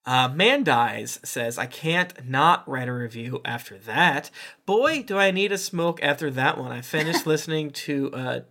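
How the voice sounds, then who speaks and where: A man's voice: mid-range voice, expressive, a little slow, pushed and bright. A man hosting a podcast, casually reading listener reviews aloud with chuckles and playful asides.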